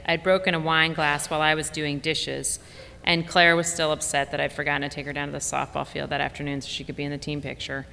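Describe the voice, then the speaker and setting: A woman narrating a memoir in a wry, reflective tone. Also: bright, forceful tone. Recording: long reverb, faint rumble.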